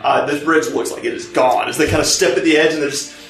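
A man's voice: a little high, fast. Man running a tabletop game. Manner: relaxed storyteller, many fillers and restarts. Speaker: game master. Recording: echoey room with music underneath.

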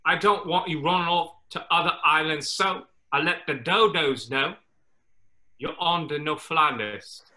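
Tom Nook, a man doing a Cockney raccoon mobster. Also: on the high side. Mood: threatening. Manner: slow, quietly threatening, clipped broken grammar. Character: menacing raccoon loan-shark mogul, male, cold and threatening. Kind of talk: comedy sketch table read over video call.

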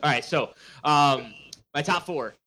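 A man's voice: fairly high pitch, unhurried, sharp tone, rough recording. A young man in casual podcast chat, upbeat and enthusiastic. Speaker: podcast co-host.

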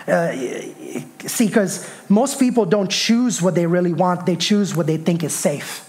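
High-voiced man preaching a sermon. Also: unhurried, few pauses. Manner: emphatic, repeats key phrases, swells to shouts. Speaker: pastor.

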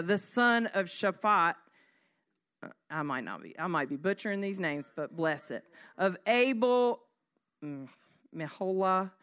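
A woman giving a devotional teaching in an earnest way, reading scripture slowly and at times dropping to a soft hush. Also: mid-range voice. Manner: earnest, slows down to read scripture. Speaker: speaker.

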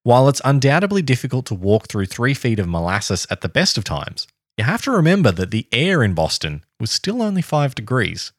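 A man hosting a podcast, reading a history story aloud to his co-host in a steady tone with dry asides. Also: medium pitch, fairly quick, no room sound.

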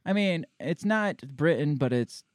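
A man with a fairly high-pitched voice trades casual, sarcastic talk on a podcast and reads an article aloud between his own remarks. His tone is incredulous. The recording is close and dry, with no room sound. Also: animated, unhurried, dry recording. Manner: incredulous, sarcastic asides between quoted passages. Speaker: podcast co-host.

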